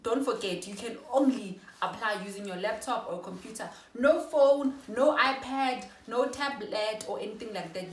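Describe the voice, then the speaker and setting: A young South African woman giving a casual how-to talk to her viewers, chatty and quick to correct herself. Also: on the high side, far from the mic. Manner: chatty, apologetic self-corrections. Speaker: vlogger. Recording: echoey room, voice off-mic.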